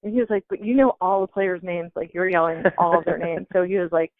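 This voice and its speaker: Speaking quickly in a lowish voice, the woman phoning in shares her story with casual animation and lots of fillers. The sound comes through a phone and has a tinny quality.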